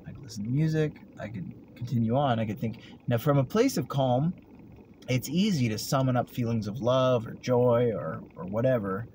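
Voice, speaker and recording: A man talking through a rambling, reflective personal vlog, often trailing off into soft murmurs. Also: mid-range voice, normal speed, slight background noise, low-quality recording. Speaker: vlogger. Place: at work, vehicle sounds around.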